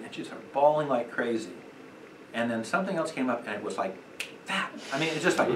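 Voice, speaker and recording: A middle-aged man teaching a parenting class at church, talking conversationally with many fillers and acting out quick quotes. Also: mid-range voice. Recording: echoey room, distant mic, noisy.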